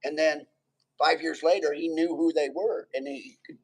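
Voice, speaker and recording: A man's voice: on the high side, steady tone, normal speed, husky, poor audio. A man, a Navy veteran guest, telling stories and jokes in a casual chat by a campfire and laughing often. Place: outdoors by a campfire.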